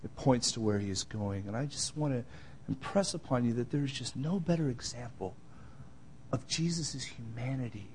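A man preaching a sermon, moving between loud emphatic lines and quiet, tender asides. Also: mid-range voice, moderate pace, slight background noise. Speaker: pastor.

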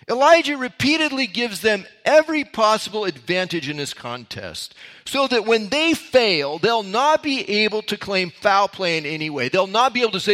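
A man's voice: sits high, big pitch swings, normal speed, hardly any pauses, fairly bright tone. A man preaching a sermon, reading verses aloud and explaining them with casual asides. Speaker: pastor.

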